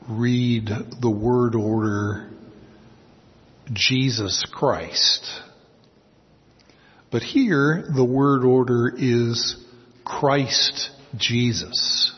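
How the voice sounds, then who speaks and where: Man giving a Bible lesson, very slow and deliberate, long hall reverb, dull lo-fi sound. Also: medium pitch, expressive. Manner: slow, deliberate, stresses key words. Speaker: Bible teacher. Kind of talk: expository Bible teaching.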